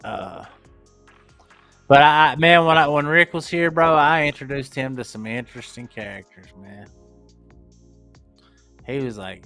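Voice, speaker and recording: A man with an Appalachian accent, hosting a livestream in casual, profane chat and talking in a slow drawl. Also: a little high, creaky, bright, forceful tone, faint music behind. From Appalachian United States. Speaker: livestream host.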